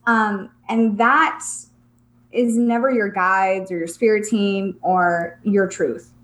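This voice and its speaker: A young woman co-hosting a casual spiritual chat podcast, earnest and reflective, dropping low to stress a point. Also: fairly even intonation, takes it slowly, a bit bright. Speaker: podcast co-host.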